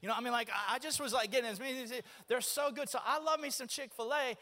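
A man's voice: very high voice, fast. A man, preaching a folksy, joking sermon in a church. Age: 40s. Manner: folksy, joking, animated storytelling. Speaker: pastor. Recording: long reverb of a church hall.

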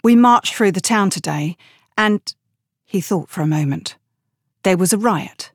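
A woman's voice: mid-range voice, expressive, a little slow, breathy edge, dry recording, clean studio sound. A woman voicing a shaken, weary young male private in an audiobook, talking earnestly and with some hesitation.

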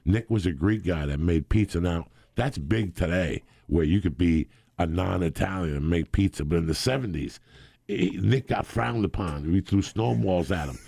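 A man in his sixties telling rambling, animated stories as a guest, laughing often. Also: sits low, normal speed, gravelly, husky, no echo. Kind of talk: casual storytelling.

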